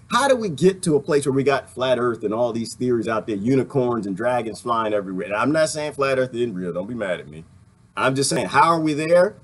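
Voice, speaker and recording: Man, husky voice, animated intonation, rambling heated monologue, sarcastic. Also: mid-range voice. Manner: laughs between points. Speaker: video commentator. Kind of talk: ranting monologue.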